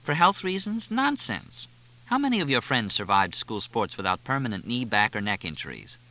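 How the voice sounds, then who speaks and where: A man's voice: mid-range voice, sing-song, moderate pace, bright, forceful tone. A man voicing an outspoken young woman who lectures emphatically. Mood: lecturing.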